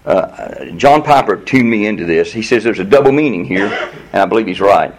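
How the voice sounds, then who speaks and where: A man's voice: on the low side, lively intonation, brisk, rough recording. A man preaching a sermon as pastor, earnest and explanatory, often restarting his sentences.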